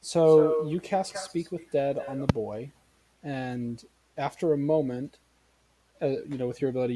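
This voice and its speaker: Male game master, dark husky voice, measured narrating style. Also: medium pitch, poor audio. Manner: measured, with fillers.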